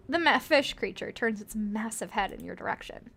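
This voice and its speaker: A woman's voice: medium pitch, lively intonation, normal speed, gravelly, hardly any pauses, a bit bright, breathy edge. A woman reading an interactive story aloud, adding playful joking comments and laughing often. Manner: playful, laughs often, jokes between read passages.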